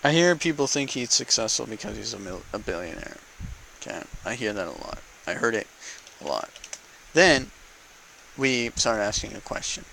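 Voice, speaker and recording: A man's voice: on the low side, animated, unhurried, creaky, pushed and bright, slight background noise, rough recording. A man ranting heatedly to camera in an unedited vlog, swearing often and repeating words for emphasis. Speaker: vlogger. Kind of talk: unedited political rant to camera.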